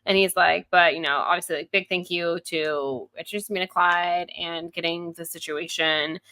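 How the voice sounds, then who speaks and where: A woman's voice: lowish voice, fairly even intonation, moderate pace, bright, forceful tone, no room sound. A woman co-hosting a podcast about a book, retelling the chapter casually and acting out the characters' lines. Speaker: podcast co-host. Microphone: headphones and studio mic.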